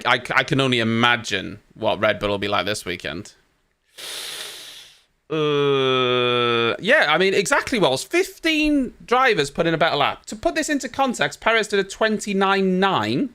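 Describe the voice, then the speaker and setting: Bright-voiced ranting man. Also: medium pitch. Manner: exasperated, ranting, swears casually. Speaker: host of a race watchalong. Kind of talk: live reaction commentary.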